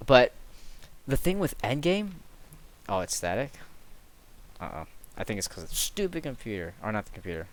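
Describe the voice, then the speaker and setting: A man's voice: medium pitch, very animated, normal speed, pauses often, a little hiss or hum. A young man telling stories casually on a late-night stream, rambling, correcting himself and chuckling at himself.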